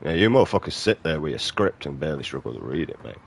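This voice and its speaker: A British man in his thirties talks over his video game in a rambling, profane rant. His voice is extremely deep. He sounds combative and jumps from one gripe to the next. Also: sing-song, quick pace, creaky, a little hiss or hum. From Britain. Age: 30s. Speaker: gaming streamer.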